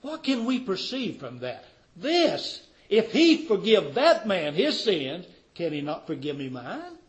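A man with a notably high voice delivers a fervent sermon. He presses his listeners with rhetorical questions, rising loud on key points and falling soft at the ends of phrases. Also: huge pitch swings, a little slow, rough recording. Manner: fervent, rhetorical questions, wide swings in loudness. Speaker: preacher.

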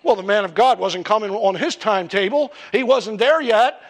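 High-voiced preacher telling a story. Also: male voice, moderate pace. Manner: animated storytelling with acted-out voices. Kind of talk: storytelling sermon.

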